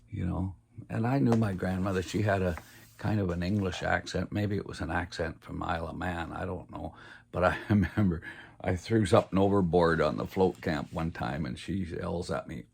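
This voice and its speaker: An older man telling family stories in a rambling, folksy way, with lots of pauses and fillers. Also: deep voice, vocal fry, husky. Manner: rambling and folksy, full of "uh" and "you know". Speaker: family storyteller. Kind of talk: casual personal storytelling.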